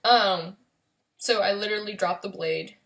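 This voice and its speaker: A young woman telling a painful personal story in a vlog, halting and emotional, with many pauses and fillers. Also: mid-range voice, a bit bright. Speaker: vlogger.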